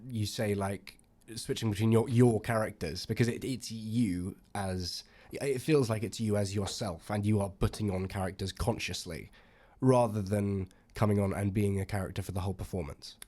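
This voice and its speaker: A young man in his twenties with a low voice, co-hosting a casual podcast. He asks curious, probing questions and responds in an encouraging, supportive tone. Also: normal speed, warm tone. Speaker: podcast co-host. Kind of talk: casual chat, interviewing co-host.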